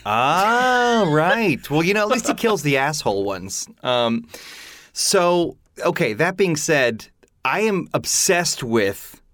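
A man chatting on a musical theatre podcast, animated and opinionated, full of "like" asides. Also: fairly high pitch, slow, no room sound, clean studio sound. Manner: animated, opinionated, many "like" fillers. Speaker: podcast panelist. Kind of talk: casual chat.

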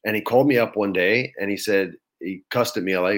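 A man, an actor, telling a story in casual chat, lively and swearing freely as he acts out quotes. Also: on the low side, a little fast. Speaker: actor guest.

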